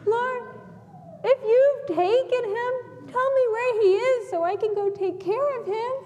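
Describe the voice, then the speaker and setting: A woman's voice: very high voice, measured pace, mellow, big-room sound, pitched above the performer's own voice. A woman voicing a grieving, emotional young woman in a children's Bible story. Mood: pleading. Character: Mary Magdalene, tearful then overjoyed woman.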